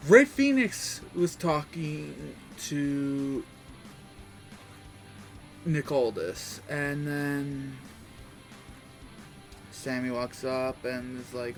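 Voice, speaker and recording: A man's voice: mid-range voice, very slow, long pauses. A man casually recapping the week's events, rambling and loosely quoting people as he goes. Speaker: wrestling recap host. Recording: faint background music.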